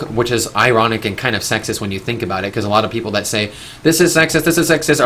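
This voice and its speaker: A man with a bright, forceful voice hosts a live stream. He talks in an opinionated, rambling way. He restarts his sentences often and swears casually. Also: mid-range voice.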